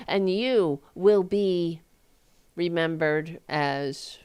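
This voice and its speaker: A woman talk show host in a heated, profane political rant. She talks slowly and her voice is smooth and clear. Her pitch leaps high whenever she mocks someone. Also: mellow. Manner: heated, profane, sarcastic, voice jumping high in mockery. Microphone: desk microphone.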